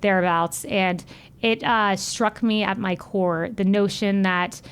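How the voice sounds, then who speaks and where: Taking it slowly in a clear, resonant mid-range voice, a woman in her thirties is an interview guest. She recounts personal stories with earnest, heartfelt emotion and animated retelling.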